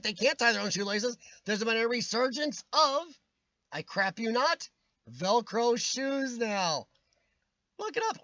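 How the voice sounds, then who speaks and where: A man's voice: high-pitched, pushed and bright, dry recording, muffled recording. A man hosting a casual live-stream chat, ranting with strong opinions and answering viewers' comments by name, his voice starting to wear out. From United States. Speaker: livestream host reading chat.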